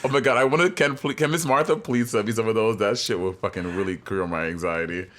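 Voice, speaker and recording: A man's voice: fairly low pitch, fast talker, fairly bright tone. A young man co-hosting a podcast in casual chat, teasing his co-host and swearing freely.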